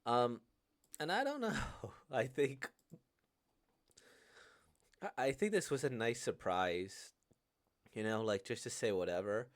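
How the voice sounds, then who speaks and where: A man's voice: mid-range voice, lively intonation, slow pace, long pauses. A man hosting a casual manga reading reaction, hesitant and full of fillers, laughing often.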